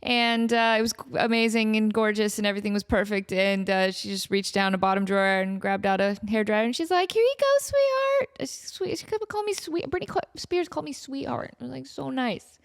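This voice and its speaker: A woman in her thirties hosting a podcast, telling a story in an animated, chatty way with lots of likes and ums. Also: medium pitch, brisk, creaky, clean tone. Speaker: podcast host. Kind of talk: casual storytelling.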